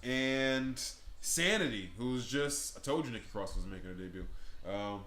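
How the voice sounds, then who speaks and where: A man co-hosting a casual wrestling chat, jokey and animated, often slipping into quick impressions. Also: medium pitch. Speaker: podcast co-host. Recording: echoey room with faint background noise.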